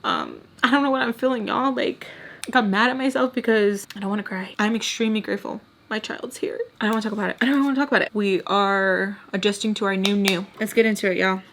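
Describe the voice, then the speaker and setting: A woman's voice: medium pitch, fairly even intonation, brisk, a bit bright, slight background noise. A young woman talking straight to her viewers in a casual vlog, rambling and emotional, close to tears. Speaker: storytime vlogger.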